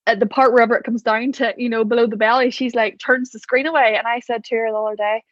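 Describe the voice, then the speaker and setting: Chatty high-voiced woman. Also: quick pace, no room sound, muffled recording. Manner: chatty, animated storyteller. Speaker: podcast guest, business owner. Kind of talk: casual chat.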